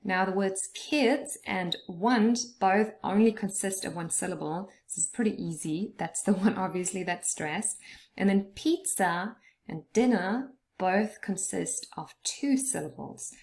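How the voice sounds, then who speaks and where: A woman explaining word stress in a relaxed, chatty way, often checking in with "okay?". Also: lowish voice, measured pace. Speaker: English teacher.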